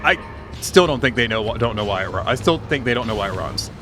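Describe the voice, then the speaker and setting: A man's voice: lowish voice, animated, fast talker, a bit bright, soft background music. A man streaming a game, telling rambling, profane work stories in casual chat. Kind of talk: casual chat while gaming.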